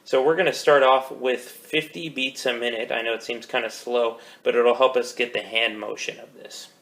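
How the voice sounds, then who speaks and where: A man's voice: mid-range voice, steady tone, moderate pace. A man teaching drum rudiments, counting beats aloud in a casual, self-correcting way. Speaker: percussion teacher. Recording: loud background noise.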